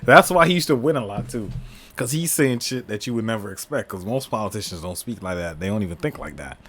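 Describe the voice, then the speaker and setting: A man hosting a reaction video, chiming in with animated, blunt, slangy commentary and frequent laughter. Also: fairly low pitch, fast talker, breathy edge.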